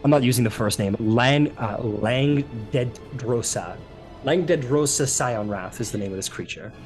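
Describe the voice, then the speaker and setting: A man's voice: mid-range voice, a little slow, darkish tone, faint music behind. Man narrating a tabletop game, casual and rambling. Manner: casual, rambling, many fillers. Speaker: game master.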